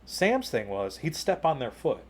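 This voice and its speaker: A man co-hosting a podcast, telling a long personal story in casual chat, full of "you know" and "like", rising higher and louder at the exciting parts. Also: measured pace, slight background noise. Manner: jumps higher and louder when retelling excited moments. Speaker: podcast co-host.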